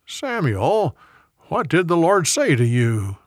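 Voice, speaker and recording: An old priest speaks gently and patiently, slow and unhurried, as a male reader voices him. His voice moves with lively rise and fall in a dry, close sound. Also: on the high side, no echo, voice pushed up. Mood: gentle.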